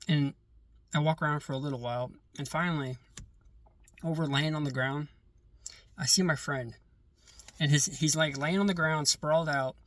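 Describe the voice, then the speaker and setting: A man recounts a dream in loose, everyday storytelling, often restarting and doubling up his words. His pitch sits in an ordinary middle range. The recording is close and dry, with almost no room sound. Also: dry recording. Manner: halting, repeats words and restarts when excited. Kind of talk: casual spoken storytelling.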